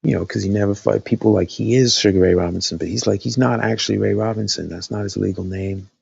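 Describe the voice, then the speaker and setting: Low husky guy rambling on a stream, dry throat, close dead mic. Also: steady tone, quick pace, darkish tone, no echo, muffled recording. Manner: rambling, thinking aloud with many fillers. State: dry-voiced after talking all night. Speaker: live stream host. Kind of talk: casual live stream chat.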